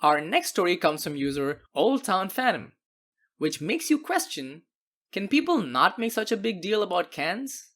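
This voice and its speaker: Female narrator for animated internet stories, lowish voice, animated delivery, wry. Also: a little slow. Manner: wry, sarcastic asides. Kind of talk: scripted storytime narration.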